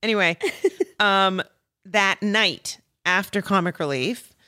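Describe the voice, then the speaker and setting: A woman, a comedian and podcast guest, telling animated anecdotes in casual chat, laughing often and acting out the voices of the people in her stories. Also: mid-range voice, takes it slowly, smooth.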